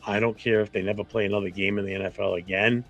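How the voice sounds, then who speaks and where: A low, gravelly New England voice belongs to a man hosting a casual sports fan stream. He is blunt and opinionated and swears freely. Faint music plays behind him. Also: little pitch movement, fast talker, a bit bright. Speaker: fan show host.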